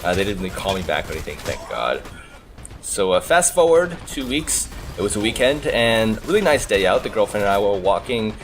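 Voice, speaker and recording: A man, a gaming channel host, telling a story in a chatty, animated way, full of "like" and "uh". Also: lowish voice, a little fast. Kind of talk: casual storytelling over gameplay. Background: faint background music.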